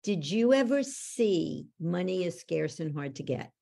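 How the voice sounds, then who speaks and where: A woman coach guiding a guest through a belief exercise with direct, steady questions. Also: lowish voice, a little slow, vocal fry.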